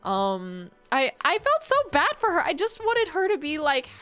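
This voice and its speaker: A woman's voice: high-pitched, wildly swooping pitch, normal speed, fairly bright tone. A woman streamer in casual chat, rambling and laughing often as she reads chat messages.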